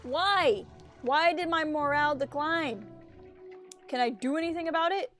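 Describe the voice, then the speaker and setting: A woman's voice: high voice, measured pace, a bit bright. A woman on a casual gameplay stream, reading the story text aloud and slipping into playful voices for the characters between chatty asides. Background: faint game music.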